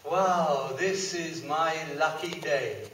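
A man's voice: on the high side, takes it slowly, fairly bright tone, slight background noise. A man voicing a greedy big bad male wolf with a sly, mock-polite manner. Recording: echoey hall from far off.

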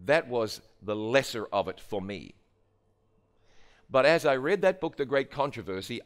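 A man with a New Zealand accent telling his testimony in a humorous, storytelling sermon. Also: medium pitch. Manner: animated, humorous, acts out dialogue. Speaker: preacher giving a testimony.

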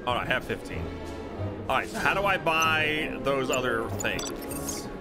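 Male let's-play streamer, mid pitch, expressive, reads menus aloud over game music. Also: measured pace.

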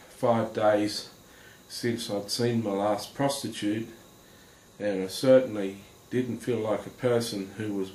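Halting earnest man in an echoey room. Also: fairly low pitch, a little mellow. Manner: halting and earnest, many pauses and fillers. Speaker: Christian testimony speaker. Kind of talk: personal testimony addressed to viewers. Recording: roomy echo with faint background noise.

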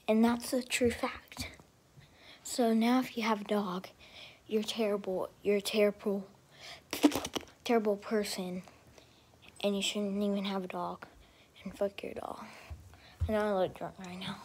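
A woman talking to camera in a rambling, profane vlog rant, swinging between loud outbursts and half-whispered asides. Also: fairly high pitch, slight background noise. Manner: profane and ranting. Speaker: vlogger.

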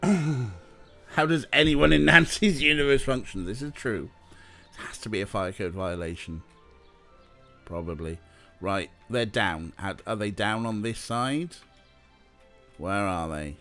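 A man's voice: fairly low pitch, lively intonation, a little slow, long pauses, fairly bright tone, soft background music. Wry, sweary man. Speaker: streamer playing a game. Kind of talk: casual let's play commentary.

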